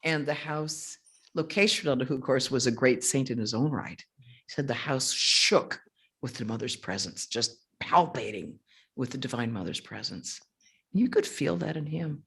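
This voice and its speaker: A woman, a monastic speaker, telling stories to a retreat audience and answering questions, animated, acting out the voices of others and laughing often. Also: extremely low pitch, moderate pace, creaky, breathy edge. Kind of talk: storytelling talk with audience questions.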